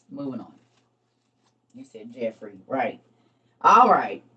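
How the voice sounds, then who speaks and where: A woman's voice: extremely low pitch, pushed and bright, recorded from a distance, highs cut off. A woman hosting a live stream, casually reading scripture aloud and talking it over with her viewers, laughing at her own slips.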